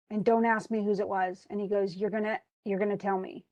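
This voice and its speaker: A woman teaching literature, retelling a tragedy and reading its lines aloud, with lively storytelling and many restarts. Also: mid-range voice, quick pace, few pauses, lo-fi sound. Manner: animated storytelling, reads quoted lines aloud, frequent restarts. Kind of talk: lecture retelling a play.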